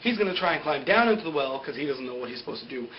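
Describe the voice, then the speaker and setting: A young man recapping a TV episode in a casual, chatty way, full of fillers and quick laughs. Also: on the high side, animated, muffled recording, a little hiss or hum. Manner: chatty, filler-heavy, often laughs at own jokes. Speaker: TV recap vlogger. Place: indoor greenscreen video setup.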